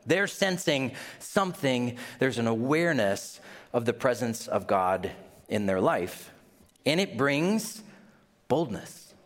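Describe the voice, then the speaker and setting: A man's voice: medium pitch, very animated, takes it slowly. A man with a Midwestern accent preaching a sermon as pastor, conversational, putting questions to the congregation and acting out little scenes in mock voices.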